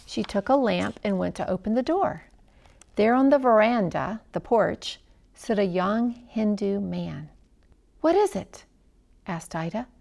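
Woman narrator for a storybook, dramatic delivery, gravelly fry. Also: medium pitch, unhurried. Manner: dramatic, hushed at tense moments.

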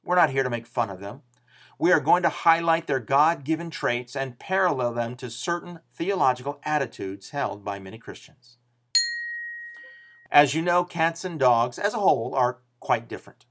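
A man preaching a sermon, stressing key phrases loudly and dropping to quiet asides. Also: mid-range voice, expressive, moderate pace, slight background noise.

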